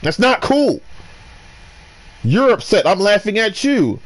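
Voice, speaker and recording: A man ranting while commentating his gameplay, restarting sentences and swinging between loud outbursts and low muttering. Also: sing-song, slow pace. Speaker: gamer.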